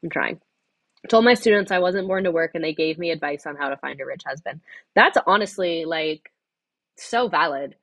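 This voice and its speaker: A woman's voice: low-pitched, expressive, normal speed, fairly bright tone, dry recording. A young woman streaming a casual history lesson from home, chatty and profane, going off on tangents and talking into wireless earbuds.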